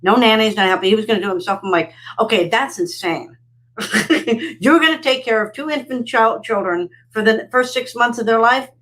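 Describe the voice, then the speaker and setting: A woman's voice: on the high side, a little fast, fairly bright tone, low-quality recording. A woman guest in a casual chat, speaking bluntly and getting right to the point. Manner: blunt, direct, matter-of-fact.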